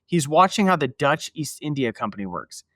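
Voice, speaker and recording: A man's voice: fairly high pitch, big pitch swings, brisk, a bit bright, dry recording. A man hosting a podcast, narrating history in a casual, emphatic way with asides to his listeners. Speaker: podcast host.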